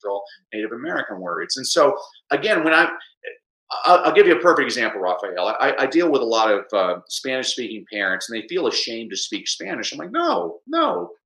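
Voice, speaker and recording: A male teacher with a bright voice talks briskly as an educator guest in a conversational interview, recorded in an echoey room. He's animated and explanatory, imitating Spanish with exaggerated pitch.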